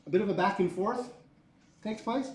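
A male teacher lecturing a class in a lively, joking way, often asking the students questions. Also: high-pitched, normal speed. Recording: echoey classroom.

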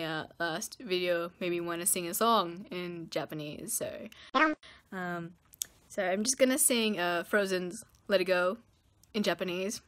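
A woman's voice: medium pitch, a bit bright. A woman vlogger chatting casually to her camera between song covers, self-conscious and laughing at herself.

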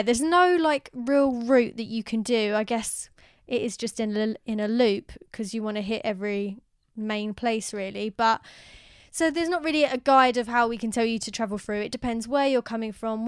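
A young woman co-hosts a travel podcast in an easy, enthusiastic chat, handing out advice. Her voice sits a little high and comes through smooth and clear. The recording is dry and close to the mic. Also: no echo. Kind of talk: casual chat.

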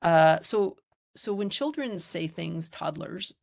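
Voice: mid-range voice, animated, slow pace, gravelly. A lecturer on child language research giving an informal public talk over a video call, explaining in a conversational, reassuring way.

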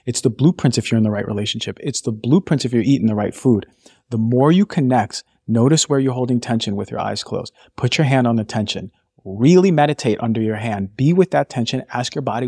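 A man's voice: mid-range voice, a little fast, a little mellow, slightly rough, dry recording. A man speaking as a naturopathic doctor guest on a podcast, impassioned, voicing inner thoughts aloud. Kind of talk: conversational podcast interview.

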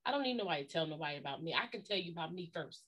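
A woman's voice: on the low side, lively intonation, racing, a bit bright, husky. A woman co-pastor giving a preaching-style talk on a livestream, emphatic, folksy and blunt, leaning on repeated catchphrases.

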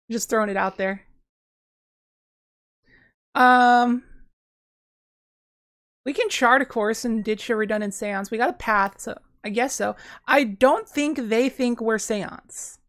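A fairly high-voiced woman gives play-by-play on her own card game from a home desk microphone. She chats and thinks aloud, then breaks into sudden excited bursts. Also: takes it slowly, pauses often. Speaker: gameplay streamer. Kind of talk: casual play-by-play commentary.

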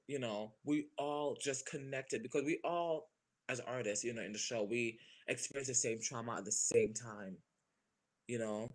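A man in his thirties, a stage performer, gushing in a casual interview and laughing often. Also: medium pitch. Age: 30s. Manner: animated, gushing, quick to laugh.

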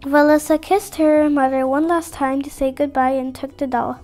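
A woman narrating a fairy tale as a bedtime storyteller for children, clear and expressive. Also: high voice, moderate pace, faint music behind.

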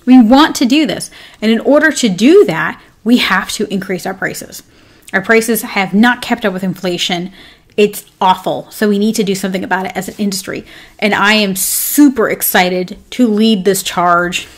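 A woman's voice: mid-range voice, moderate pace. A woman coaching pet groomers in a casual live class, chatty and upbeat, rambling with plenty of fillers. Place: home with her dog nearby.

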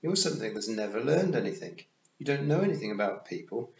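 A man voicing a stubborn, clever nine-year-old girl who speaks calmly and firmly. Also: medium pitch, quick pace, reverberant, highs cut off. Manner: calm, firm, matter-of-fact.

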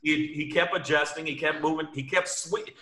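A man's voice: on the high side, steady tone, moderate pace, pushed and bright, roomy sound, slight background noise. A man, a fighter guest on a podcast, talking emphatically and swearing. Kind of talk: casual chat on a video call.

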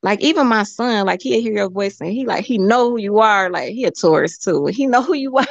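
A woman hosting a call-in talk show, chatting casually, animated and rambling, laughing often. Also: mid-range voice, brisk, gravelly, no echo, highs cut off. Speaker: show host.

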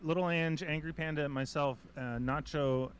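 Man, co-host, casual chat, joking, repeats words, slightly high voice. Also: steady tone, moderate pace, a little hiss or hum.

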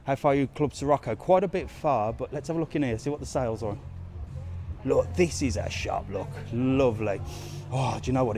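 Medium pitch and a dark tone mark this man's voice. Live-streaming a walking tour outdoors in a resort town's streets and squares, the travel vlogger chats casually and answers comments as he goes.

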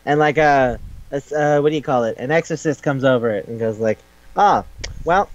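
A man's voice: medium pitch, fairly quick. A man chatting casually and retelling a manga plot in a rambling way, full of "like" and swearing. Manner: rambling, lots of "like" and swearing, brief quoted voices. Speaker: podcast co-host. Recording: dull lo-fi sound.

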